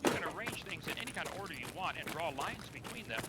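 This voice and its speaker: A man's voice: sits high, very animated, fast talker, very noisy. A man arguing his side in a debate, piling up rhetorical questions. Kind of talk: debate argument.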